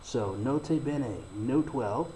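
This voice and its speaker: Mellow-voiced man teaching English grammar. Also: mid-range voice, a little hiss or hum, low-quality recording. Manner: slow, deliberate explaining with read-out examples. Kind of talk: recorded grammar lesson.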